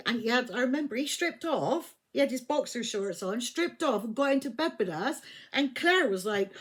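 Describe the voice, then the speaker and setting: A frank, giggly English tarot reader in her fifties tells a rambling, casual story in a high, husky voice with lively intonation at normal speed. She chats, laughs a lot, swears, and loses track of dates.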